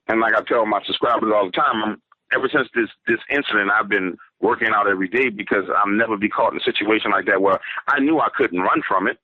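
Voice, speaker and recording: A man, a guest on the show, recounts a frightening encounter in an earnest, halting way, with many fillers and restarts. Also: fairly low pitch, no echo. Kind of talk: personal story told over the phone. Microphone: phone. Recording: tinny phone line, dry.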